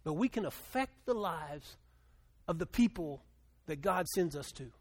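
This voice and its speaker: A middle-aged male pastor preaching a sermon, moving between quiet storytelling and loud, impassioned appeals. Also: on the high side, expressive, unhurried, slightly rough.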